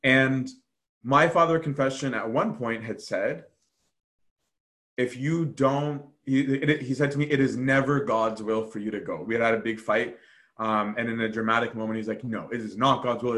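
A man's voice: medium pitch, normal speed. A man casually telling monastery stories, full of fillers and acted-out quotes. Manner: animated storytelling, acts out quoted voices, frequent fillers. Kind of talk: casual storytelling talk.

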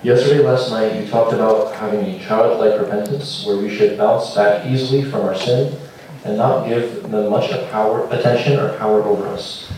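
A man from the audience reading out a question in a plain, measured way. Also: fairly low pitch, fairly even intonation, dark tone, a little hiss or hum. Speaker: audience member asking a question. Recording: echoey hall from far off.

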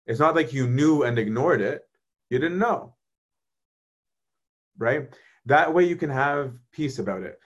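Casual, animated priest answering questions. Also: male voice, mid-range voice. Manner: conversational, animated, often asks "right?".

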